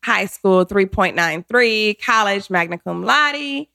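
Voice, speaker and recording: A woman in her forties, a guest telling her career story in an interview, animated and quick to act out what people said. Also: medium pitch, gravelly. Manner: animated, acts out quotes, laughs often.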